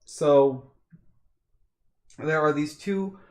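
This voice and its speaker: A man streaming, retelling a story in a casual, animated way with lots of fillers. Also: on the high side, drawn-out words. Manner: animated retelling, with many fillers and acted quotes.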